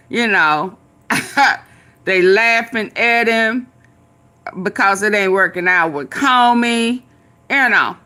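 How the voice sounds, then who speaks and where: A woman's voice: mid-range voice, sharp tone. A woman hosting her channel, chatting casually in a laughing, drawling way as she reacts to a clip.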